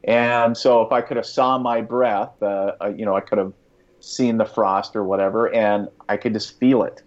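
A man's voice: on the low side, fairly even intonation, normal speed, dull audio. A man casually telling a long personal story, rambling with many fillers, restarts and chuckles.

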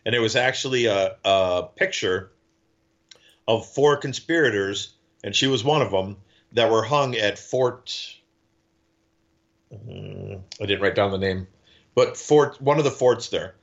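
A man's voice: fairly low pitch, unhurried, creaky, muffled recording. A man co-hosting a casual podcast chat, telling stories animatedly and acting out quotes. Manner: animated storyteller, acts out quotes. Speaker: podcast co-host.

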